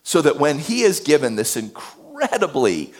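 A male pastor giving a sermon, animated, swinging between loud emphasis and hushed tones. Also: fairly high pitch, normal speed.

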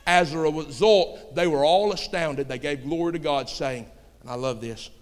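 A man preaching a sermon with folksy turns of phrase, swinging between shouting and hushed storytelling. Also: fairly high pitch, normal speed. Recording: long hall reverb.

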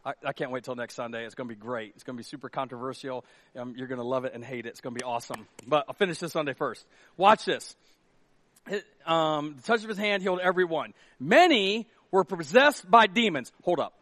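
A middle-aged man preaching a sermon as pastor, animated and jokey, slipping into quick acted asides. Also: medium pitch, dry recording.

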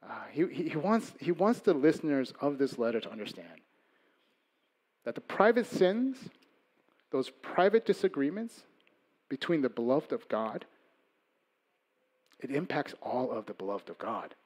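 A man preaching a sermon as pastor, conversational, moving between loud emphasis and soft asides. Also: medium pitch, sing-song, normal speed, long pauses, husky.

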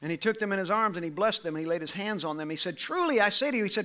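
A man preaches with a very high, bright and forceful voice. He swings between hushed, low passages and loud, soaring ones, driving his sermon with passion. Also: expressive, rapid-fire.

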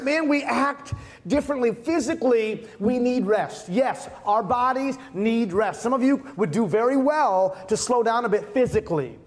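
A man's voice: extremely high pitch, lively intonation, moderate pace. A man in his thirties, a pastor, preaching a conversational sermon with emphatic repeated refrains. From Massachusetts.

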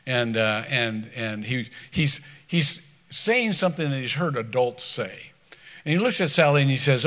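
A man preaching a sermon in a conversational way, stumbling over restarts and swinging between loud scripture reading and quiet asides. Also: mid-range voice, animated, normal speed. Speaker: pastor.

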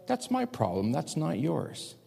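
A preacher voicing God as a calm, firm male father figure, patient but commanding. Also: on the high side, unhurried, creaky, husky, voice pushed up, exaggerated voice. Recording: long reverb of a large hall.

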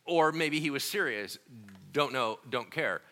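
A man preaching a sermon in a casual, slangy, conversational way, swinging between quiet stretches and loud, emphatic ones. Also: mid-range voice, animated, a little slow. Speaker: pastor.

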